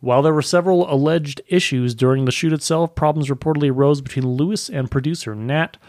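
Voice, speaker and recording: A man's voice: fairly high pitch, a little mellow, dry recording. A man co-hosting a comedy podcast, reading news items aloud and tripping over his words. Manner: reads aloud haltingly, stumbling over words. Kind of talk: casual comedic podcast banter.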